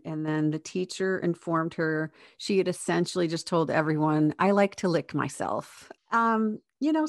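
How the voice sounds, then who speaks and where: A woman's voice: on the low side, no room sound, studio quality. A woman from the United States co-hosting a casual chat, an amused, chatty storyteller. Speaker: podcast co-host.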